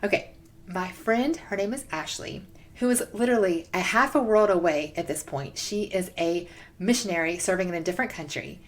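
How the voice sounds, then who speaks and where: A young woman hosting a faith podcast, telling stories in a casual, excited way with lots of "like". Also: lowish voice, normal speed. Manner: excited, gushing, heavy use of "like". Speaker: podcast host.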